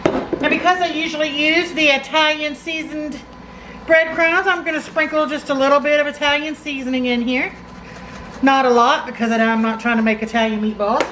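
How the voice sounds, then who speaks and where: Middle-aged Southern woman, cooking host, high and homey, easy chatty delivery, faint background hiss. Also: fairly even intonation, moderate pace. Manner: folksy, chatty, says y'all. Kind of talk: casual cooking demonstration. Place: home kitchen.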